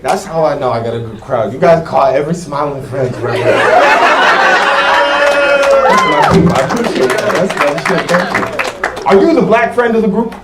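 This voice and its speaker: A man's voice: a little high, huge pitch swings, moderate pace, recorded from a distance, heavy background noise. A man doing stand-up comedy, brash and profane, riffing with the audience in a comedy club. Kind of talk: stand-up comedy with crowd work. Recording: echoey club with loud crowd laughter.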